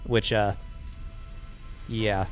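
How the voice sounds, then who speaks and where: A man's voice: on the low side, little pitch movement, extremely slow, soft background music. A man chatting casually with his live-stream chat while speedrunning a game, joking sarcastically and swearing freely.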